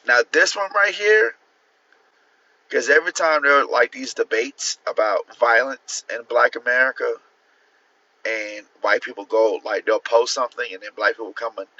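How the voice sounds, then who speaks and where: Man host reacting on a live stream, laughing and cursing, bright voice, muffled lo-fi sound. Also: medium pitch. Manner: laughing often, incredulous, profane. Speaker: livestream host. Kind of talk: casual livestream chat reacting to posts.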